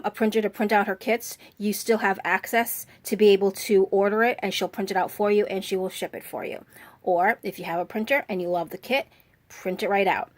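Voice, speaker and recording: A chatty woman hosting a craft video, showing off a handmade journal. She talks in a friendly, easy way with plenty of fillers, and a cough drop in her mouth colors her speech. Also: mid-range voice. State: talking around a cough drop. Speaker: craft channel host. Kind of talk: casual craft walkthrough.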